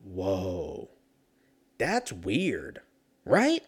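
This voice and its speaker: A man's voice: deep voice, huge pitch swings, extremely slow, slightly rough. A man talking casually on his own, rambling and joking with plenty of swearing. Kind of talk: casual solo chat.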